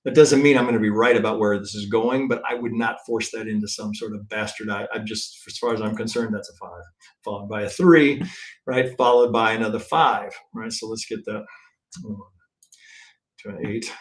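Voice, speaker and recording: A man's voice: on the low side, steady tone, moderate pace. Blunt, profane man reviewing trading charts. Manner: blunt and profane, keeps asking "right?"; thinks aloud, counts waves, restarts often. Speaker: trading instructor. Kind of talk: live-stream chart review.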